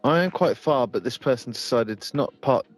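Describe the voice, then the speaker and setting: A man's voice: medium pitch, expressive, normal speed. A man co-hosting a podcast, his voice in an ordinary middle register. He grumbles in a dry, wry way during casual chat. Faint music runs behind him. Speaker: podcast co-host.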